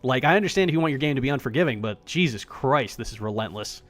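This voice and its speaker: A man streaming himself playing an indie survival game, chatting casually with animated, profane, self-mocking commentary. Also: medium pitch, fast, faint music behind.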